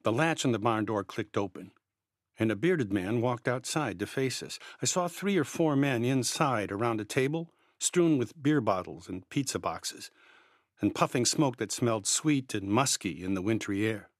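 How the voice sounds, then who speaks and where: A man narrating a first-person story in a measured, quietly tense way. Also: medium pitch, animated, dry recording, studio quality.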